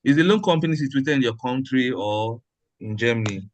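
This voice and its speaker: A man's voice: medium pitch, animated, fairly quick. Man on a webinar call, mid voice, pushy and direct with his question. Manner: insistent, direct. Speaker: webinar participant. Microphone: video call.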